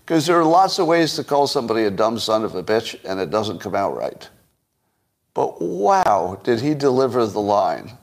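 A man's voice: lowish voice, very animated, moderate pace. A man hosting a solo commentary show, talking through the news in a wry, musing, conversational way. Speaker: podcast host.

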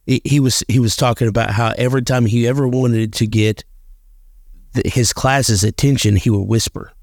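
Gravelly-voiced man talking faith. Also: medium pitch, fairly even intonation, normal speed, a little mellow, dry recording, clean studio sound. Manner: earnest, repeats words and restarts often. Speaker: podcast co-host. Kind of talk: casual faith talk with scripture reading.

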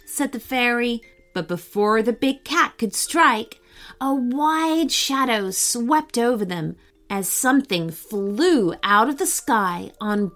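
A woman's voice: mid-range voice, a bit bright. A woman narrating a children's story expressively, acting out the characters.

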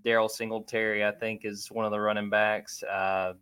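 Low-voiced man hosting sports talk. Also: level tone, normal speed, sharp tone, smooth. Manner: conversational, restarts often. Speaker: podcast host.

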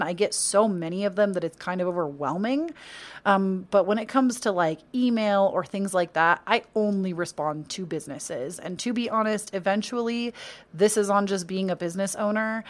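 Chatty, encouraging woman podcaster, slightly low. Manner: chatty, encouraging, with many fillers like "um" and "like". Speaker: podcast host and content creator. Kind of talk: casual solo podcast chat.

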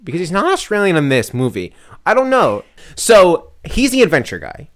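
Young male podcast co-host, animated delivery, casual and chatty, phone mic. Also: sits high, normal speed. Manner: chatty, laughs often, lively. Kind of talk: casual chat about a film.

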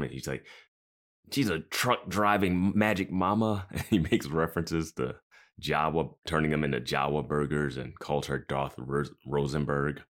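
A man co-hosting a podcast, chatting casually about an episode and laughing often. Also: a bass voice. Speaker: podcast co-host. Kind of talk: casual chat recapping a TV episode.

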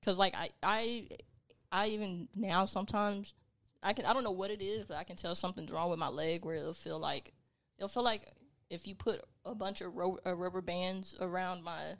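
A woman's voice: lowish voice, fairly even intonation, moderate pace, fairly bright tone. A young woman co-hosting a casual chat, talking loosely and filling gaps with "like.". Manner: chatty, trailing off with lots of "like".

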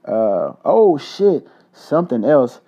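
A man's voice: medium pitch, sing-song, takes it slowly, gravelly, warm tone. A man hosting his own podcast, telling a story in a heated, profane, casual rant. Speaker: podcast host. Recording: dull lo-fi recording.

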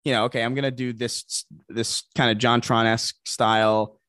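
A man chatting as a podcast guest, excitable and profane, tripping over quick restarts. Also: mid-range voice, no echo, clean studio sound. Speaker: guest content creator. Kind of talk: casual podcast chat.

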